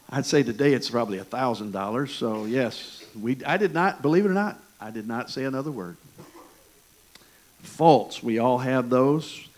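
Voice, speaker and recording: A man preaching a sermon through folksy stories. He is animated and chatty and keeps turning to his listeners with asides. His voice sits at an ordinary middle pitch. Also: moderate pace, slight background noise. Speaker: pastor. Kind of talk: storytelling sermon.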